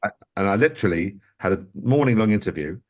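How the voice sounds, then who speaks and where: A man, a football manager, telling lively stories in an interview and often addressing the host by name. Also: fairly low pitch, fast talker. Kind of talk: anecdotal interview storytelling.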